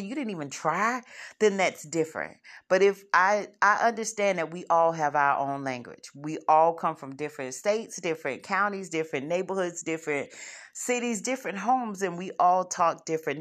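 A woman author hosting her own podcast, talking bluntly and profanely in a casual monologue, acting out quoted voices as she goes. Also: fairly low pitch. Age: adult with kids. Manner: blunt, profane, animated storytelling with quoted asides. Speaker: podcast host and self-published author.

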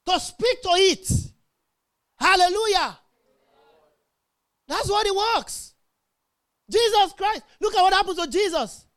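A middle-aged woman preaches with a strikingly high voice. She stresses her points and keeps checking in with the congregation, asking if they are with her. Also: animated, slow pace, pauses often, fairly bright tone. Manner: emphatic, call-and-response with congregation. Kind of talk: sermon.

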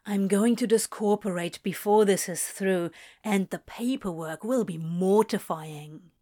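A woman voicing a flustered, weak-kneed male demon in a fan-fiction reading, speaking low and shaky. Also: measured pace, dark tone, close to an everyday voice.

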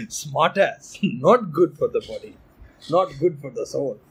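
A man putting on a mock Indian accent to play a calm old male holy teacher who speaks in slow, solemn, broken phrases. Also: on the high side, husky, exaggerated voice, rough recording.

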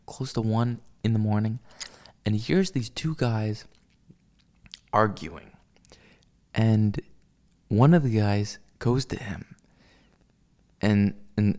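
A man talks straight to the camera in a loose, rambling rant. His voice has a gravelly, creaky edge. He swears freely and keeps circling back with fillers and restarts. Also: medium pitch, mellow. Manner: profane, ranting, with many fillers and restarts. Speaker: vlogger. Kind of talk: casual rambling monologue.

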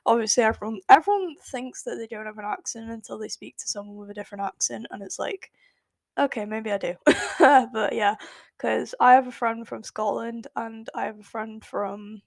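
A woman's voice: on the high side, steady tone, moderate pace, gravelly, dry recording. An eighteen-year-old English woman with an English accent, chatting casually on her solo podcast in a rambling, self-correcting way full of fillers. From England. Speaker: podcast host.

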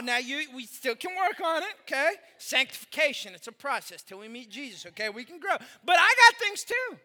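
A middle-aged male pastor preaching with a very high, piercingly bright voice. He tells humorous stories with animated delivery and sudden shouts. His voice rings out with the long reverb of a big hall. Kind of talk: sermon.

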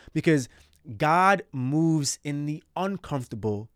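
Man, podcast host, earnest, self-reflective, rambling, average pitch, dry close recording. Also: unhurried, clean tone, no room sound. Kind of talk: faith podcast monologue.

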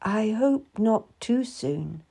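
A woman's voice: on the high side, sing-song, takes it slowly, creaky, a little mellow, voice pushed up, exaggerated voice. Woman reading as a sorrowful lonely widow. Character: grieving Puritan widow, lonely, gentle and shy. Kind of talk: audiobook reading.

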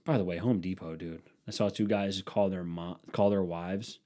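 A man's voice: sits low, fairly even intonation, normal speed, hardly any pauses, dark tone. A man from the Cleveland area riffing in a casual, profane, sarcastic monologue. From Cleveland, Ohio area.

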